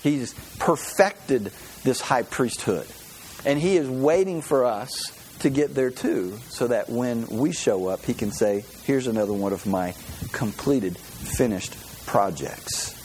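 Male pastor, mid-pitched voice, animated sermon delivery with rhetorical questions, light background hiss. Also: slow pace.

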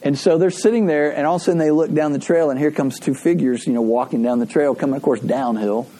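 A man delivers a sermon from the pulpit in a mellow, husky voice. He talks conversationally, spinning stories and doubling back on his words as he goes. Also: a little high, fast. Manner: conversational storytelling with frequent restarts. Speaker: preacher.

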